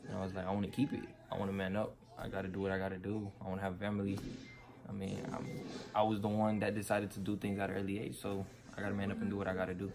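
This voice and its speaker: A man's voice: low-pitched, monotone, racing, gravelly, crowd noise. Laid-back teen guy. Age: teens. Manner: laid-back, slangy, quotes his parents. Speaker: vlogger telling his story. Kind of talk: casual storytelling.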